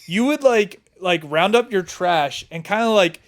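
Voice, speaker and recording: Higher-voiced man reminiscing casually. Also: expressive, measured pace. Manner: chuckling, rambling recall. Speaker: podcast co-host. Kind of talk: casual chat.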